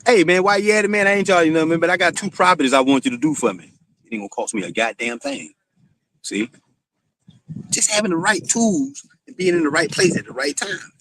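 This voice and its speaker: A man with a notably high voice talks straight at his listeners, swearing freely and filling every pause with "you know." The sound is dry and close, with no room around it. He rambles from one story to the next like a host holding court on his own show. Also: very animated, a bit bright, no room sound. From Florida. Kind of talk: casual monologue.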